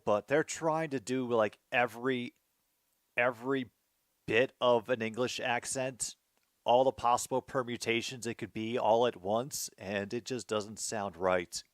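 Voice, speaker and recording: A man's voice: medium pitch, no echo, studio quality. A man hosting his own show, reacting casually to a football game as he watches, muttering to himself.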